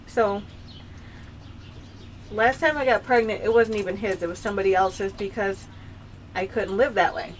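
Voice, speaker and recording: A woman in her thirties chats into her camera at home in a loose, confessional vlog. She wanders from thought to thought, restarting sentences as she goes, and her pitch sits in an ordinary middle range. A faint hum of the room hangs behind her. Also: steady tone, normal speed, pauses often. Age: 30s. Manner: rambling and confessional, with frequent restarts. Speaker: vlogger. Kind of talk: casual personal vlog. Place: home with dogs nearby.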